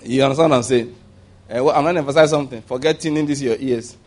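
A man preaching a sermon, animated and humorous, often restarting sentences and acting out the voices he quotes. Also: mid-range voice, fast.

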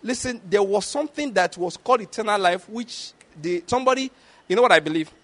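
Man, high voice, sermon, emphatic preacher, chuckles, keeps asking if you follow. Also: expressive, fairly quick, fairly bright tone. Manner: emphatic, asks listeners if they get the point, chuckles often; acts out quoted voices in a high pitch.

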